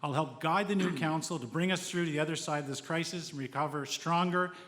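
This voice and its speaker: A man who is the sitting mayor gives a steady, measured debate statement, ticking off points one after another. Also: fairly high pitch. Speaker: incumbent mayor. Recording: long reverb in a convention hall.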